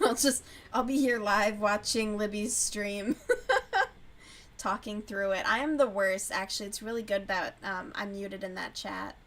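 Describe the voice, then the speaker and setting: A woman's voice: medium pitch, steady tone, a little slow, fairly bright tone. A woman hosting a casual livestream while crocheting, chatting loosely, swearing freely and answering her chat as she goes. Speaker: livestream host.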